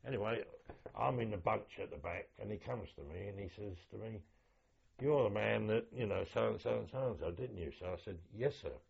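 Gravelly-voiced old London man reminiscing. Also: lowish voice, a little fast, lo-fi sound. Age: older. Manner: lively storytelling, mimics voices in anecdotes. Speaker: veteran interviewee. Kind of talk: oral history recollection.

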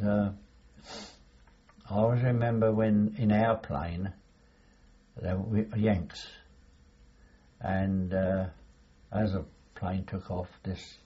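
Older male interviewee, hesitant storyteller, low warm voice on a dull recording. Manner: rambling, hesitant, chuckles while recalling. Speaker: veteran interviewee. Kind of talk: oral history interview.

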